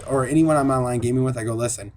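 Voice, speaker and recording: A man's voice: medium pitch, fairly even intonation, very fast, a little mellow, a little hiss or hum. A man giving a casual, earnest video commentary as a gaming commentator, rambling and repeating himself.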